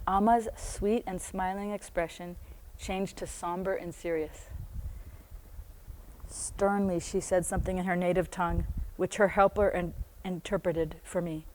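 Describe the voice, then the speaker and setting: A woman's voice: fairly low pitch, darkish tone, slight background noise. An American woman reading aloud from her own book, breaking off often into chatty asides and laughing as she goes. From United States.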